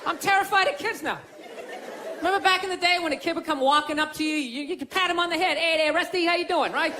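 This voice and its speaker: A man's voice: very high voice, quick pace, some chatter behind, slight background noise. A man doing stand-up comedy, rambling and sarcastic, mock-complaining to a live audience. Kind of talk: stand-up routine. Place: comedy club stage. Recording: live club recording, loud audience.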